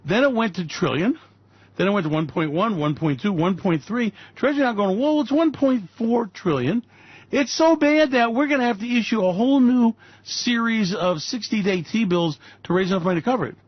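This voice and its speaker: A man rants through sarcastic, profane market commentary, his husky voice swinging high and wide as he mocks each claim. It sounds dull and lo-fi, dry and close. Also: animated, brisk, no room sound. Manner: sarcastic, mocking, profane, repeats "Really?". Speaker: financial commentary host. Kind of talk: ranting political-economic commentary.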